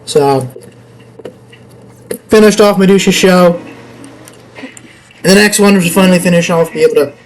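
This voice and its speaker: A man's voice: high voice, a little slow, long pauses, slight background noise, low-quality recording. A young man giving casual gameplay commentary, rambling and laughing often. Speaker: gameplay YouTuber.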